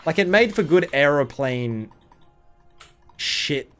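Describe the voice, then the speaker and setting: A man's voice: fairly high pitch, animated, slow pace, a bit bright, soft background music. A young man, jet lagged, rambling through casual gameplay commentary as a streamer with joking, sarcastic asides.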